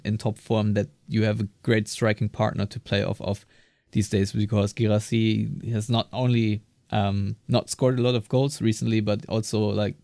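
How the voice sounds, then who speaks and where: A man's voice: lowish voice, vocal fry, a little mellow, no echo, clean studio sound. A man co-hosting a podcast in casual discussion, talking hesitantly with many fillers and restarts. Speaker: podcast co-host.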